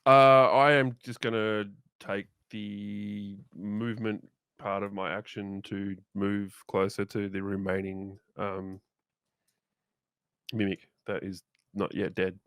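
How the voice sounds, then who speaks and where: A man playing a tabletop game, eager and quick to exclaim and swear. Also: fairly low pitch, level tone, fairly bright tone, smooth, no room sound, studio quality. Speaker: player. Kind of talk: casual tabletop play.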